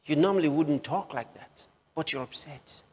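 A man delivers a sermon in a fairly high voice, putting questions straight to his listeners. He repeats key phrases again and again for emphasis. His voice carries a long reverb tail. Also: normal speed, darkish tone, slightly rough. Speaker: preacher.

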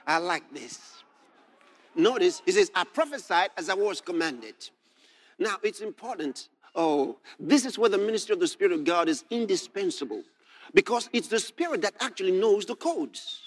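A man preaching a sermon, reading scripture aloud and expounding it with animated emphasis, sometimes shouting. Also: sits high, normal speed.

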